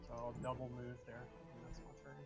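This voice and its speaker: A man's voice: mid-range voice, monotone, fairly quick, loud music behind the voice. A man playing a tabletop game, describing his character's moves in a dry, matter-of-fact way. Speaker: player. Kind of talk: casual tabletop game chat.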